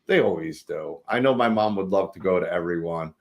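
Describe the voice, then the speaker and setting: A man, likely in his forties, chatting casually on a livestream call, jokey and quick to laugh. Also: deep voice. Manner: jokey, laughs often, does voices of family. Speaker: guest.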